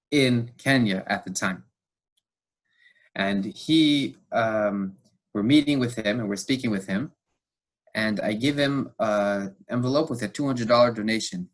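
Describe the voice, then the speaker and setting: Husky, low-voiced man telling a story. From United States. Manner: animated retelling with acted quotes, fillers. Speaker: podcast guest. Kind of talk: storytelling interview.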